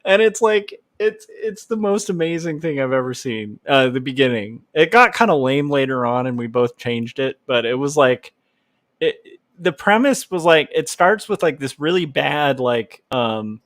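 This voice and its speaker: A man's voice: medium pitch, lively intonation, moderate pace, fairly bright tone, no room sound. Rambling man chatting on a livestream. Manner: rambling, lots of "like" fillers. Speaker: livestream host, comic artist. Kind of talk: casual livestream chat.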